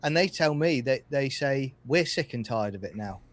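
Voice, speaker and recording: A man's voice: medium pitch, animated, normal speed. A man from the UK, co-hosting a podcast and making his points earnestly with examples. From United Kingdom. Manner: earnest, opinionated, gives examples. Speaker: podcast co-host. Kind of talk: casual chat.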